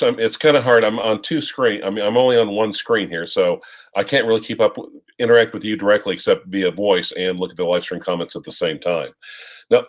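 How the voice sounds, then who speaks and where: A man co-hosting a live stream, chatting casually and giving rambling advice with fillers. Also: fairly low pitch. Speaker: co-host of a watch live stream.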